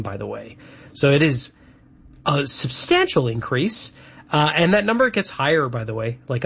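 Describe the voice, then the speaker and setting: A husky-voiced man from Canada chats through a show segment, rambling from item to item with plenty of fillers. His voice sits at a middle pitch. The recording sounds dull and lo-fi. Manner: chatty, rambling lists with fillers. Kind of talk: casual chat.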